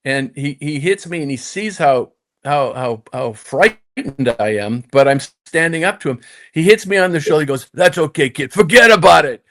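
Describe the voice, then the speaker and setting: A middle-aged man, a former pro golfer, telling a tour story to his host, swinging between hushed and emphatic delivery. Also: medium pitch, animated, normal speed. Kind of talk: casual storytelling in conversation.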